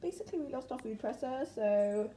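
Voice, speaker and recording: Her voice sits on the high side, animated and fairly quick, as this young vlogger chats while cooking in her kitchen at home. Tired, she keeps yawning, and her giggly, rambling talk is peppered with "like" and "literally." The recording has echo and faint background noise.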